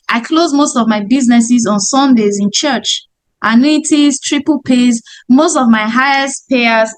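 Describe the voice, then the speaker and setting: A woman's voice: sits high, rough recording. A woman teaching sales in a webinar, emphatic and repeating her key points. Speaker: sales trainer. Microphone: webinar microphone.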